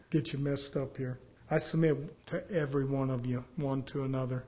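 A man's voice: mid-range voice, fairly even intonation, moderate pace, warm tone, a little hiss or hum. A middle-aged man preaching a sermon as pastor, plain-spoken and folksy, firing off rhetorical questions at his congregation.

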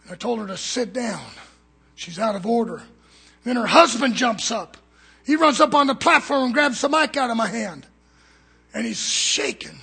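A man preaching a fiery sermon in a church, swinging from loud shouts to low murmurs. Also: animated, normal speed, creaky, pauses often, slightly rough.

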